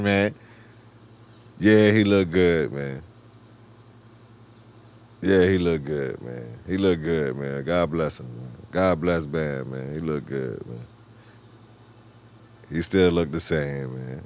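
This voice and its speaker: A man's voice: a bass voice, slow, pauses often, darkish tone, dull audio. A middle-aged man from New York City hosting a gaming livestream, rambling in slangy casual chat and laughing often. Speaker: livestream host.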